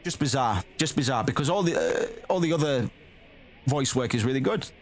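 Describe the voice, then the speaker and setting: A man's voice: medium pitch, animated, moderate pace. A man streaming a game, reading its text aloud and chatting bluntly, swearing freely and calling the audience "man" and "bro".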